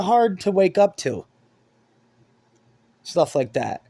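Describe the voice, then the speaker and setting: A man's voice: high voice, big pitch swings, takes it slowly, gravelly, dark tone, breathy edge, no room sound. A man giving a rambling, profanity-laden monologue to camera as a vlogger.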